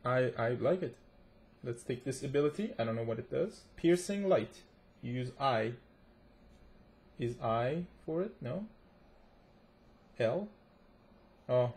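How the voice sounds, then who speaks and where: Gravelly man rambling through a game. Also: medium pitch, a little mellow. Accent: non-native accent, self-described. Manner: chatty and rambling, talking to viewers as he plays. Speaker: gaming tech reviewer. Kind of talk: casual gameplay commentary.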